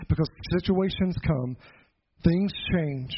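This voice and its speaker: A middle-aged pastor preaching a Sunday sermon, telling a childhood story in an earnest, folksy way with joking asides. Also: male voice, on the high side, moderate pace, noisy background. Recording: dull lo-fi sound.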